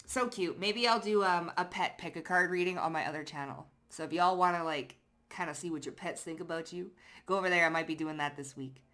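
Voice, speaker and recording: A woman's voice: lowish voice, brisk. A woman doing a casual pick-a-card tarot reading, chatty and slangy, cursing freely and laughing as she talks straight to her viewers. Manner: lively storytelling with frequent laughs. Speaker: psychic tarot card reader.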